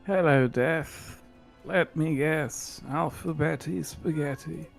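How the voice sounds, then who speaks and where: Deadpan and sarcastic, teasing friend in casual banter. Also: mid-range voice, takes it slowly, vocal fry, faint music behind.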